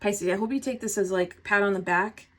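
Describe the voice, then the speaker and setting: A woman giving a casual tarot reading, chatty and expressive, with frequent laughs and swearing. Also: mid-range voice, fairly quick. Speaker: tarot reader.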